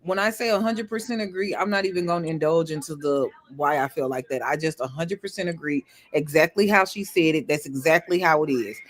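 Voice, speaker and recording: A man's voice: fairly high pitch, brisk, hardly any pauses, a bit bright. A man on a podcast panel, playful and blunt, swearing freely in casual banter. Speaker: panel regular.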